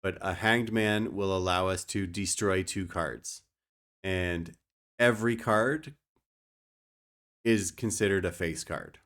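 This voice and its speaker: Low-voiced man slowly explaining a game. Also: a bit bright. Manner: joking, talks to chat. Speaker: streamer. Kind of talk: casual gameplay commentary.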